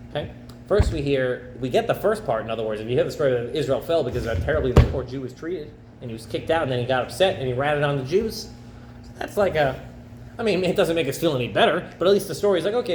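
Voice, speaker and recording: Animated rabbi in an echoey room. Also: male voice, fairly high pitch, a little hiss or hum. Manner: animated, acts out characters in quick bursts. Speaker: rabbi teaching a class. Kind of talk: lively storytelling lecture. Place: campus center classroom.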